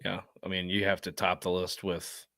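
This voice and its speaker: Low, bright-voiced joking Boston man. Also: normal speed, no room sound, studio quality. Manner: profane, joking, animated storytelling. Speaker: podcast co-host. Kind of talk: casual sports chat.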